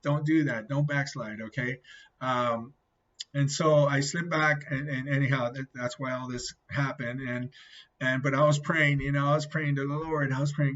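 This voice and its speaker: A man's voice: medium pitch, steady tone, moderate pace, a bit bright. A man sharing a personal faith testimony in a rambling way, often checking in with "okay?". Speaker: testimony vlogger. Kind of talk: personal testimony, casual storytelling. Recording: dull lo-fi recording.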